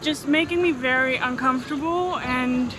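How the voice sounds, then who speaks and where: A woman's voice: sits high, moderate pace. A woman travel vlogger earnestly telling how she was made uncomfortable, speaking casually to camera. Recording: clear street noise behind.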